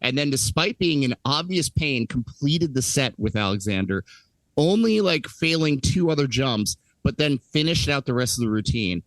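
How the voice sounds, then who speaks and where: A man's voice: mid-range voice, animated, moderate pace, a bit bright, no echo, poor audio. Chatty man with a dry, close sound. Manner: rambling, lots of "like" and "uh" fillers, laughs often. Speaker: podcast co-host. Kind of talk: casual movie-podcast chat.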